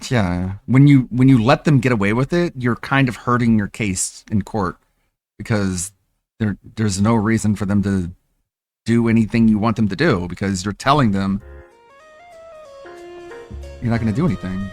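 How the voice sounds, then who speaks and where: A man's voice: on the low side, normal speed, long pauses, no room sound, clean studio sound, faint music behind. A man streaming, reacting to clips with sarcastic, mocking commentary and frequent laughs.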